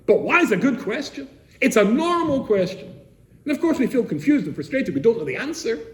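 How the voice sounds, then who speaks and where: An older man from England, a rabbi telling stories to seminary students, animated, with rhetorical questions, swinging from loud to soft. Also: very high-pitched, a little fast. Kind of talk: storytelling talk to students. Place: seminary room, indoors. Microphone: camera he set up himself. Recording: echoey room with faint noise.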